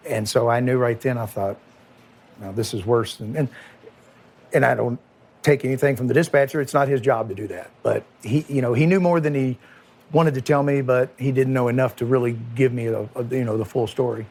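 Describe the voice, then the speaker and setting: Emotional, plain-spoken former police chief. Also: male voice, mid-range voice, fairly even intonation, a little fast, darkish tone. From Kentucky, USA. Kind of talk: interview recollection.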